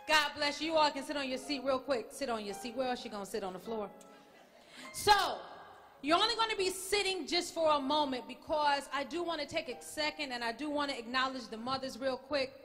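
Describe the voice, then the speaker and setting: A woman's voice: high-pitched, fairly quick, pushed and bright, faint music behind. A middle-aged woman minister addressing a congregation in a playful call-and-response style. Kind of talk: lively church address to congregation. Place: large church sanctuary. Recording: echoey hall, congregation noise.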